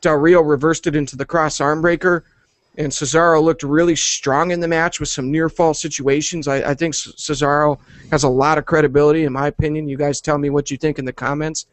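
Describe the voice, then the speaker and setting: Chatty host with a dry sound. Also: male voice, a little high, a little fast, no echo. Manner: relaxed, chatty. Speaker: host of a wrestling review show. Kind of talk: casual show hosting.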